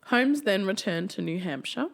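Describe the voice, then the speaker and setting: A woman's voice: medium pitch, lively intonation, moderate pace, vocal fry, a crowd in the background. A woman hosting a casual true-crime podcast, swearing freely and laughing through the grim details. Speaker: podcast host telling a true-crime case.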